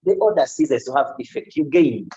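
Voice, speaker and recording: A man with a mid-range, expressive, dark-toned voice gives a law lecture to students, explaining slowly and often checking in with "okay?" and joking asides. The classroom recording is dull and lo-fi, with slight background noise.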